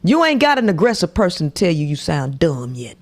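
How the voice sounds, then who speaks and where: Woman reacting to a podcast, gravelly voice, lively swooping pitch, slow and preachy, whispers now and then. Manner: preachy, repeats lines, drops to whispers. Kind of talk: reaction commentary.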